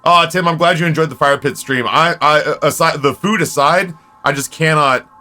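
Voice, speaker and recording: A man streaming a game from home, telling stories to his viewers in an animated, foul-mouthed, casual way. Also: on the high side, moderate pace, soft background music. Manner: animated storyteller, swears freely. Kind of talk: casual chat with viewers while gaming.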